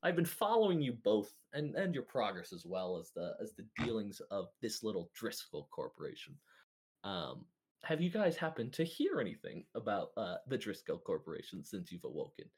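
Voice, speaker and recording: A man's voice: lowish voice, very animated, moderate pace, husky, voice pushed down. A man voicing a smug, mysterious robed male sorcerer who speaks theatrically, with a chuckle in his voice.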